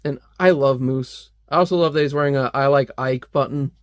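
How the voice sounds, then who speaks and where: A man's voice: on the high side, fairly quick, no echo, dull audio. A man giving a chatty, amused, casual comic book review.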